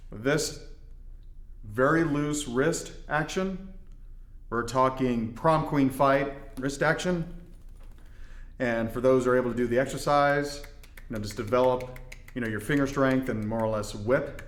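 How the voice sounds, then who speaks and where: Relaxed man teaching drum technique. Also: mid-range voice, unhurried, pauses often, echoey room. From Indiana. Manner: relaxed, explanatory, folksy asides. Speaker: darbuka teacher. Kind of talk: instructional demonstration.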